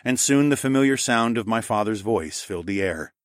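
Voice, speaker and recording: A man narrating a story in the first person, in an even, matter-of-fact way. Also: fairly low pitch, fairly quick, dry recording, studio quality. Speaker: audiobook narrator.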